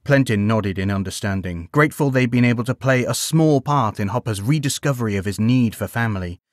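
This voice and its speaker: A man narrating a bedtime story in a gentle, expressive storytelling manner. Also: mid-range voice, brisk, dry recording, clean studio sound.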